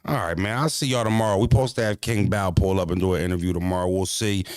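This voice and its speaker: A man with a very low voice, swearing through laid-back stories as he talks straight to his viewers. His speech is loose and slangy, recorded close and dry. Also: fairly even intonation, fast, darkish tone, no echo. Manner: profane, slangy storytelling. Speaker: livestream host. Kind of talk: casual livestream chat.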